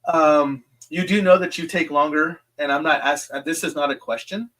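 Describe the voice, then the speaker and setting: A man hosting a live question-and-answer stream. He rambles in a reassuring way, speaks straight to each viewer and fills his pauses with "um". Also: a little high, fairly even intonation, fairly bright tone.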